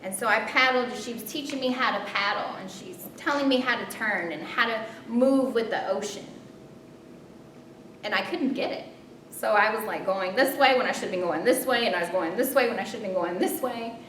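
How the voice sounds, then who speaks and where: A woman telling a personal story in an animated, self-mocking way, with dramatic pauses. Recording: roomy distant mic with rumble.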